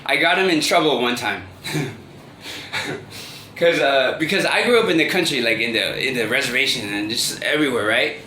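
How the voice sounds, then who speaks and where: A man telling a personal story in a casual, halting way, full of restarts and fillers and often breaking into laughter. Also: medium pitch, bright, forceful tone. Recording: echoey room with faint ambient noise.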